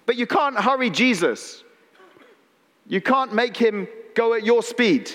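A man's voice: extremely high pitch, lively intonation, takes it slowly, a bit bright. A man preaching a sermon in a conversational way, with playful asides and calls to the congregation. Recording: long reverb in a large hall.

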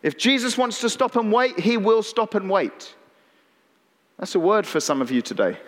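A man's voice: high-pitched, sing-song, moderate pace. A man preaching a sermon in a conversational way, with playful asides and calls to the congregation. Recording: long reverb in a large hall.

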